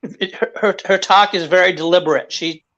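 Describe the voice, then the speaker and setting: A man chatting on a live stream, halting and self-deprecating. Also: high voice, steady tone, fairly bright tone, lo-fi sound. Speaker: guest. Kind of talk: casual live-stream chat.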